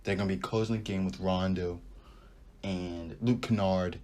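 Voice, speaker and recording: A man's voice: deep voice, fairly even intonation, normal speed, a little mellow. A young man hosting a casual sports podcast, giving opinionated takes and thinking aloud as he goes. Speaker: podcast host.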